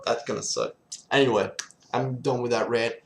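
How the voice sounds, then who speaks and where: Young male sports fan, casual vlog rant, profane and sarcastic, mid-pitched. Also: steady tone, moderate pace.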